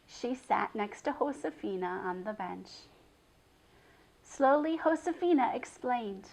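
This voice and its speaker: Slow, gravelly woman reading a children's book. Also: fairly high pitch, rough recording. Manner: expressive, dramatic reading with hushed drops. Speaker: storyteller. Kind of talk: children's book read-aloud.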